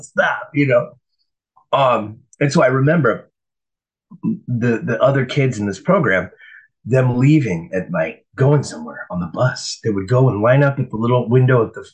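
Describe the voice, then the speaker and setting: Profane, animated man telling a story. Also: mid-range voice, rough recording. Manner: profane, animated, acts out voices in quotes. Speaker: speaker sharing a recovery story. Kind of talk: casual storytelling.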